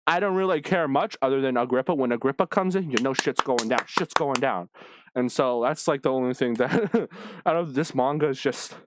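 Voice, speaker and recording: A man's voice: mid-range voice, fairly quick, background noise. A man ranting casually about a comic he read, swearing constantly and sounding exasperated. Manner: profane, animated, exasperated. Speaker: manga reviewer.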